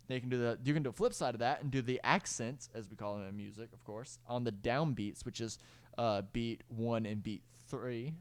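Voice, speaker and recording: A man's voice: medium pitch, fairly quick, slight background noise. A young man walking through his own music project as a casual tutorial, rambling and correcting himself, sometimes singing out rhythms. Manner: rambling, self-correcting, fillers and sung beat sounds. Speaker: music producer giving a tutorial. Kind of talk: casual screen-recorded tutorial. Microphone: clip-on mic.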